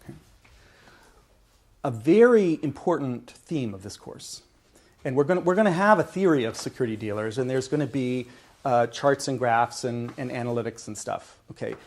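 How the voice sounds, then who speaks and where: A male lecturer speaks to his class in a lecture hall, laying out ideas step by step for a university lecture. The voice is mid-range and darkish in tone, expressive, at a normal speed, with frequent "okay" check-ins and restarted phrases.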